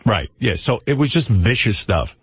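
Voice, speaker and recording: A man hosting a radio show, teasing his caller in quick, joking banter and laughing often. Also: fairly low pitch, expressive, slightly rough, no room sound, clean studio sound.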